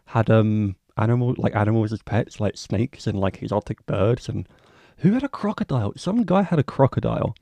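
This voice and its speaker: A young man talks through his solo podcast in a rambling, casual way, cursing freely and poking fun at himself. His voice sits low and mellow with a gravelly edge. The recording is close and dry. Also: lively intonation, normal speed, no echo. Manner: rambling, swears freely, self-mocking asides. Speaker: podcast host.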